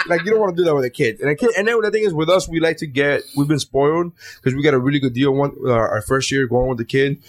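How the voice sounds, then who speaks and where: A man's voice: a little high, quick pace, few pauses. A man in his thirties telling a story about his family in casual, profane chat, acting out the voices of the people in it.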